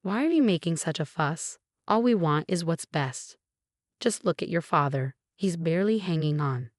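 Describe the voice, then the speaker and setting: Pushy older mother-in-law, guilt-trippy, low dry voice, read by a woman. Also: animated, moderate pace, no echo. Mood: indignant. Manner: wheedling, then indignant.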